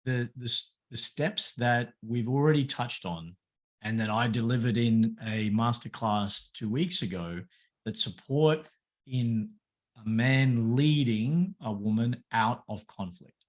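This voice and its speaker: A man's voice: mid-range voice, takes it slowly. A man hosting a conversation, talking candidly and rambling, with frequent restarts as he corrects himself. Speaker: host. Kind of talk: podcast conversation.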